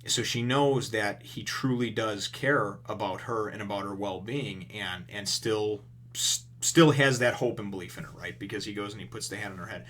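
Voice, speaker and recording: A man with a fairly low voice talks through a comic chapter as an informal reviewer. He rambles along, leaning on "you know" and the odd blunt swear word. The tone stays loose and conversational throughout. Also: moderate pace, a bit bright. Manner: rambling, heavy on fillers like "you know", emphatic and casually profane. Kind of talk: casual recap and commentary.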